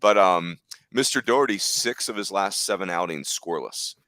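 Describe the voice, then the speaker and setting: A man's voice: low-pitched, lively intonation, moderate pace, sharp tone, no echo. A man hosting a casual sports talk show, jokey and upbeat, teasing his co-hosts as he leads the discussion. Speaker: podcast host.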